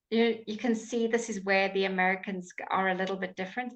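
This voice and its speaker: A woman with a British accent teaching English pronunciation in a live online class, enunciating words slowly and clearly, with frequent fillers. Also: medium pitch, fairly even intonation, rough recording. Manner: slow, clear, drawn-out enunciation with many fillers. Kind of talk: live online language lesson.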